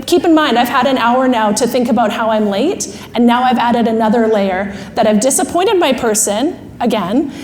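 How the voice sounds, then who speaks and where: Brief: animated woman keynote speaker, high voice, quick laughs, live hall with long reverb and faint ambience. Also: slight background noise. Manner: lively, self-deprecating, laughs often. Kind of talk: animated storytelling talk. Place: large expo hall.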